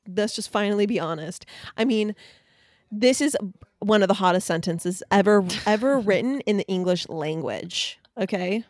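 A woman's voice: medium pitch, lively intonation, moderate pace, no room sound, clean studio sound. A woman co-hosting a podcast in casual chat, reading an article aloud in a playful, dramatic way and laughing often. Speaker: podcast co-host.

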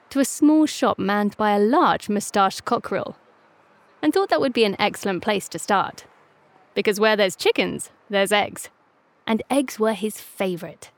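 A woman narrating a children's story in a playful, lively reading voice. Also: medium pitch, dry recording.

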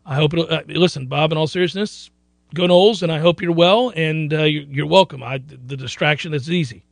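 A man's voice: fairly high pitch, fairly quick, vocal fry, no echo. A man hosting a sports talk radio show, boastful and joking, rambling between bets and news.

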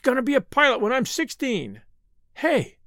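A small boy in an audiobook, voiced by a man, exuberant and noisy, zooming about with his voice. The pitch leaps high and swings widely, with a touch of rasp. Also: very animated, moderate pace, no echo, studio quality, heavily acted. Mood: excited. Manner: exuberant, shouting playfully. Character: young boy, excited rocket-mad son.

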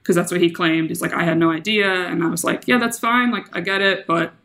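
A woman's voice: on the low side, little pitch movement, quick pace, a bit bright. A young woman, a podcast guest, telling a personal story in casual chat, laughing often and acting out what people said. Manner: chatty, laughs often, acts out quotes in her story.

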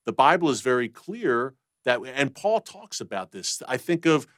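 A man talks as a guest in an interview, making his case with steady emphasis and counting off his points one by one. His voice sits at an ordinary pitch for a man. The recording is dry and close, with almost no room sound. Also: moderate pace, no echo. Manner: emphatic, lists points by number. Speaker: guest, TV host. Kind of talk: conversational teaching.

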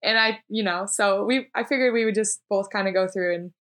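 Young woman, podcast host and trainer, casual upbeat delivery, quick to agree. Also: mid-range voice, a bit bright. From Minneapolis.

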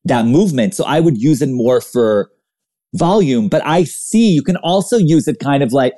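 A man's voice: mid-range voice, lively intonation, moderate pace, mellow. A man guesting in a casual chat, rambling and searching for words as he explains. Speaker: guest hairstylist.

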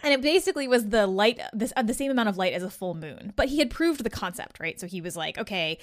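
A woman's voice: medium pitch, fast, no echo, studio quality. A woman guest-hosting a podcast, telling a story in casual chat, laughing and acting out the voices of the people in it. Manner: lively, laughing, acts out quoted voices. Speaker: guest host.

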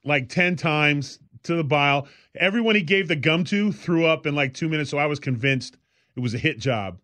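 A man's voice: on the high side, moderate pace, bright, forceful tone, no echo. A man co-hosting a podcast, telling stories in a loose, rambling way with lots of fillers. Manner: rambling storyteller, many fillers. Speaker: podcast co-host. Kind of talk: casual chat.

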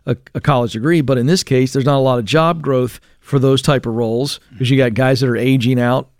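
A man's voice: medium pitch, fairly even intonation, a little fast, a little mellow, no echo. Conversational male radio co-host, dry studio. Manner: conversational, frequent fillers and restarts. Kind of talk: casual radio talk.

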